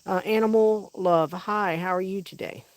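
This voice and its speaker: This livestream host is a woman with a medium-pitched voice, fairly even intonation, and a moderate pace. Casual and friendly, she rambles through topics with her viewers from her home kitchen and backyard, breaking into sing-song baby talk for her dogs.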